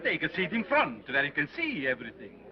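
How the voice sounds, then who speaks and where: An actor playing a sinister carnival scientist with a strange foreign accent, declaiming grandly in a 1930s film. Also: male voice, a little high, huge pitch swings, brisk, crowd noise. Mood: grandiose. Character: sinister showman scientist, older man, theatrical. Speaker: carnival lecturer. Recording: dull lo-fi 1930s film sound.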